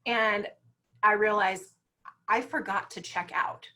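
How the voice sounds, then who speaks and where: A woman speaking as a guest on parenting, telling stories in a lively, conversational way and often checking in with "right?" over a video call. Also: medium pitch, takes it slowly. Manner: lively storytelling, frequent "you know" and "right?". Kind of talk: conversational talk.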